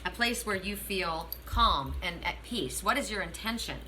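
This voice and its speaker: A middle-aged woman with a bright, forward voice gives a spiritual oracle card reading. She speaks earnestly and straight to the listener, circling back to the same affirming phrases again and again. A faint hiss of noise sits under her voice. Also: medium pitch, animated, moderate pace, low-quality recording. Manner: earnest, repetitive, affirming, addresses the listener directly.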